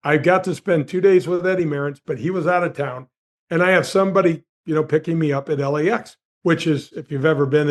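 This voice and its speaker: The guest is a former tour golf pro in his sixties with a higher voice, telling anecdotes animatedly. He's a lively storyteller with big pitch swings who often addresses the host by name.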